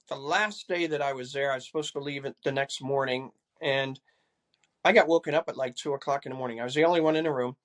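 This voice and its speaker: An older man from California, a retired police chief, telling a personal story with many restarts and repeated words. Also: medium pitch. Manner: halting, repeats words, acts out dialogue. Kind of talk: casual storytelling interview.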